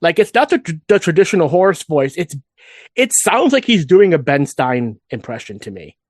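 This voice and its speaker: A man co-hosting a nostalgic fan podcast, talking in a loose, rambling way with many restarts. His voice sits a little high for a man. It is recorded close and dry, with no room sound. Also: very animated, moderate pace, no echo. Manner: rambling, with frequent restarts and asides. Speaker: podcast co-host. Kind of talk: casual fan podcast chat.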